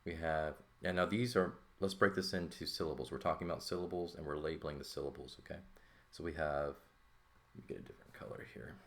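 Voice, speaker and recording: Very deep gravelly male teacher. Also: fairly even intonation, fast talker, slight background noise. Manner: casual, thinking aloud with frequent "okay?" and "right?" checks. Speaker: Greek teacher. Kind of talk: informal recorded lesson, writing on paper.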